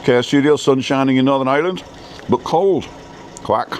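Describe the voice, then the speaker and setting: A man's voice: mid-range voice, moderate pace, slight background noise. A man co-hosting a casual live stream, greeting viewers by name in a chatty, playful way. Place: outdoors in Tenerife.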